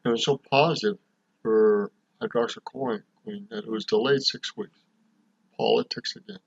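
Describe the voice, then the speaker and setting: A man's voice: fairly low pitch, steady tone, moderate pace, breathy edge. A man commenting over an interview clip, repeating and stressing the key points. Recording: dull lo-fi audio.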